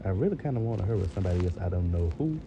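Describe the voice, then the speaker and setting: Man, casual chatty reviewer, talks to viewers, creaky voice, noisy background. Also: deep voice, very fast, dull audio. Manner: talks straight to viewers, rambling and conversational. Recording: steady background noise.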